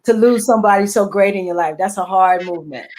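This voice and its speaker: A woman's voice: medium pitch, quick pace, a little mellow. A woman hosting a casual talk radio interview, answering her guest with supportive, affirming remarks. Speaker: radio show host.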